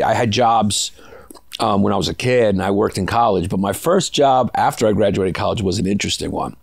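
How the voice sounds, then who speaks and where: A man's voice: medium pitch, vocal fry, no room sound. A man from Brooklyn, telling rambling, profane stories as a comedian guest in a casual interview. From Brooklyn, New York. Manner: rambling, profane, laughs through his stories.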